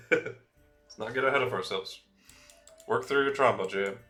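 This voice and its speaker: Easygoing male game master, bright forward tone, loose delivery full of fillers and chuckles. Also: mid-range voice, measured pace, soft background music. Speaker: dungeon master. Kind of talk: narrating a tabletop game.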